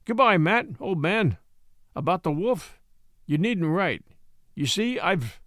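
A man doing a gentle, affectionate master. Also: sits high, sing-song, slow, no echo, studio quality, full character voice. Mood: fond. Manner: soft-spoken, affectionate. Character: gentle departing master, grown man, tender and firm.

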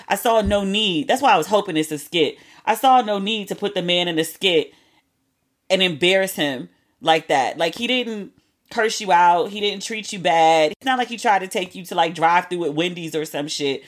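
A woman in her thirties hosting a podcast, chatting casually and telling animated stories with frequent asides. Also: fairly low pitch, normal speed. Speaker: podcast host. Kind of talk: casual solo chat.

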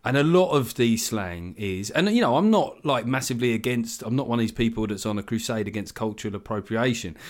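A man's voice: medium pitch, lively intonation, a little fast, few pauses. Wry ranting man in his forties. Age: 40s. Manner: wry, ranting, mimics others in quoted voices. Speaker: comedian guest. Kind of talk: casual podcast chat.

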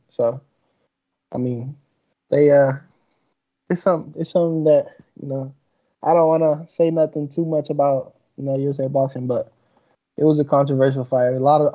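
A man guesting on a talk show, soft-spoken and hesitant, with many fillers. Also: medium pitch, highs cut off. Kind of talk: casual interview.

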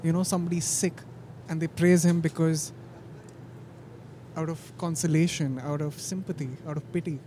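A man's voice: fairly high pitch, little pitch movement, moderate pace, long pauses, dark tone, a little hiss or hum. A young man, an acting student, answering street interview questions in an earnest, good-natured way. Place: city sidewalk outdoors.

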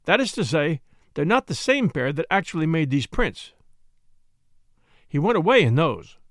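A man's voice: fairly high pitch, big pitch swings, no echo, studio quality. A man voicing a self-assured, matter-of-fact police inspector in a story reading. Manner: confident, matter-of-fact, brisk.

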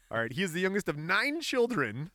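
A man co-hosting a podcast in casual chat, animated and laughing, now and then jumping into high silly voices. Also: moderate pace, no echo, clean studio sound. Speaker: podcast co-host.

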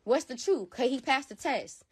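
A woman's voice: sits high, expressive, normal speed, slightly rough. A woman giving an emotional personal account in an interview, heated and repetitive, swearing often. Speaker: interview guest.

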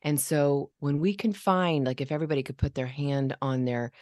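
A woman's voice: extremely low pitch, fairly even intonation, normal speed, a little mellow, no echo, studio quality. A woman in casual conversation, coaching parents and demonstrating ways of speaking.

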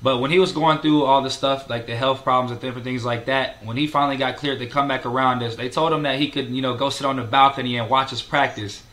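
A man's voice: medium pitch, fairly even intonation, fast talker, few pauses, a bit bright. A young man, a college basketball player, talking casually in an interview, with many fillers. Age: young adult.

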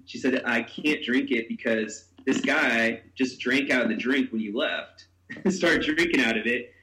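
A man's voice: medium pitch, a little slow, bright, forceful tone, echoey room, poor audio. A man hosting a podcast, telling a story in casual chat. He acts out the quotes with big jumps in his voice, swears and laughs. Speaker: podcast host.

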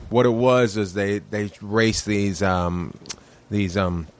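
Deep-voiced laid-back male comedian. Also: slow. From Canada. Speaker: comedian guest. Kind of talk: casual chat.

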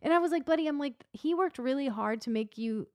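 A woman's voice: high-pitched, fairly quick, no room sound, clean studio sound. A woman in her thirties chatting casually, telling a story and acting out the people in it. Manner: animated storyteller, acts out quotes. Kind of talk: casual chat.

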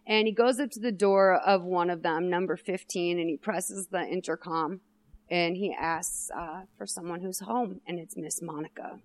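A woman co-hosting a podcast who recaps a movie in loose, casual chat. She talks in an animated, wry way and swears freely. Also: fairly low pitch, moderate pace. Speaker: podcast co-host.

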